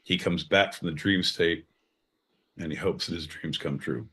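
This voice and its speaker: Low-voiced man, brash podcast co-host. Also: moderate pace. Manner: loud, profane, mocking, bursts into exaggerated voices. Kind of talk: crude comedic banter.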